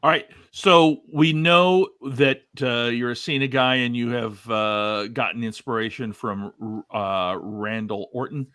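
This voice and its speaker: A man co-hosting a casual live chat who asks questions haltingly, with lots of pauses and filler. His voice sits at an ordinary pitch. It is recorded close and dry. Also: fairly bright tone, clear, resonant tone, no room sound. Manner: halting, many uhs, blunt jokes.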